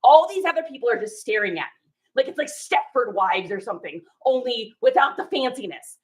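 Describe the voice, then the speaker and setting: A woman reseller telling a story in casual chat while showing her garage sale finds, animated and laughing as she acts out the people she met. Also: on the high side, brisk, poor audio.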